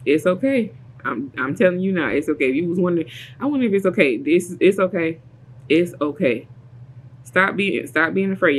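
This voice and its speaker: A woman's voice: sits low, slight background noise. A woman vlogger giving a casual motivational talk to her viewers, emphatic and repetitive, laughing often. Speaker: vlogger, channel host.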